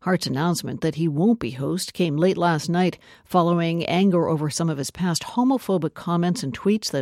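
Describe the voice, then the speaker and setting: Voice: mid-range voice, darkish tone, dry recording. Radio news host with a dry studio sound. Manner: measured, with frequent "uh" fillers. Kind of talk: news interview.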